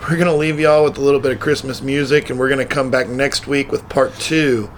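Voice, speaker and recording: A man's voice: mid-range voice, steady tone, brisk, a little hiss or hum. A man co-hosting a podcast, laid-back and laughing often in casual chat. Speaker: podcast co-host.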